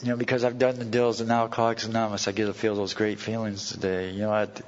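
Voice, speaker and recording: A man's voice: on the low side, completely flat delivery, quick pace, a little hiss or hum. A man telling a personal story to a recovery meeting in blunt, folksy words with plain slang. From California. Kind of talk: personal story told to a live audience. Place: meeting hall. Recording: dull old tape recording with long hall reverb.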